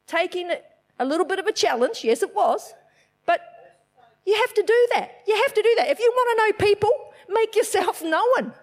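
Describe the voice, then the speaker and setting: A middle-aged woman giving a chatty, animated church message, telling a personal story with self-deprecating laughs. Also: sits high. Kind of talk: personal testimony sermon.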